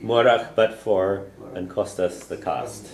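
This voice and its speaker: Low-pitched and slow, with a darkish tone, a man teaches a classroom language lesson. He walks students through it patiently, models phrases they repeat, and often adds "okay?". Students chatter in the background of an echoey room.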